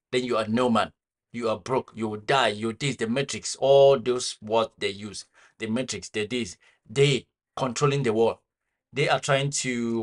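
A man commenting critically on public figures between clips, pausing to search for words. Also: mid-range voice, a bit bright. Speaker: commentary host.

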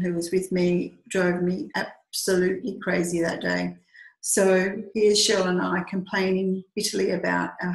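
A woman telling a personal story in a heartfelt, lively conversational way, with small hesitations. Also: on the low side, vocal fry. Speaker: storyteller recounting a pilgrimage walk. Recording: echoey room.

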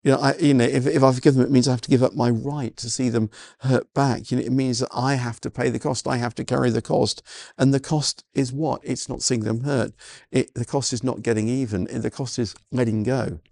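A man's voice: mid-range voice, steady tone, fairly quick, gravelly, darkish tone, no room sound, clean studio sound. A man preaching a sermon, earnest and full of stammered restarts and "you know" fillers. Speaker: pastor.

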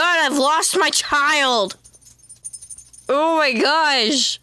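A woman streaming a video game, chatting to herself in a giggly way and breaking into excited squeals. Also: high-pitched, slow pace, no room sound. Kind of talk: casual let's-play commentary.

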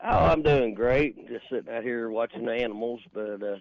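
A man's voice: medium pitch, normal speed, gravelly, no echo. A man calling in to a radio show, easygoing and a little hesitant. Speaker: caller. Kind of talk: casual phone call. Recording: dull phone-line call.

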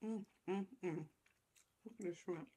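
Eating on camera, this woman mukbang vlogger savors every mouthful and keeps up casual chatter with her viewers between chews. Her voice is fairly low, slow and dark in tone, with a slight roughness.

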